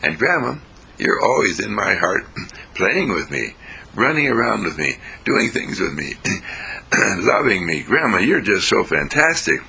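A man voicing a cheerful, loving little granddaughter in a high, eager voice. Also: very animated, measured pace, vocal fry, sharp tone, breathy edge, heavily acted. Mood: adoring. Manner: sweet, eager, high-pitched.

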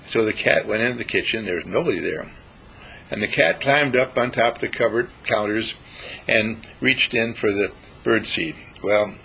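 Raspy, gravelly man telling a story. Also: mid-range voice, low-quality recording. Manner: gentle, halting, with restarts and fillers. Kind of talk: recited poem and spoken story.

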